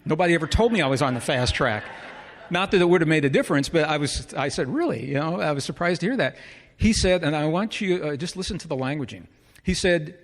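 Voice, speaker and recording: A man's voice: on the high side, lively intonation, fast. A middle-aged man telling a personal story to a live audience in an earnest way, often asking the listeners rhetorical questions. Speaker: speaker. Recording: long hall reverb.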